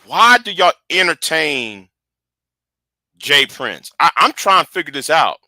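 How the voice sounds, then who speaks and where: This is a man in his early forties who rambles casually to his viewers from home, repeating words as he goes. His voice has a very bright tone. The sound is dry and close, with almost no room echo. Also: on the high side, big pitch swings, measured pace. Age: early 40s. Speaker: channel host. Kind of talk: casual livestream chat with viewers.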